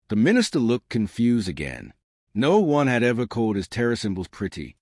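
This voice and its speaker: A man narrating a science fiction story in a plain, even storytelling manner. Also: mid-range voice, brisk, no echo, studio quality.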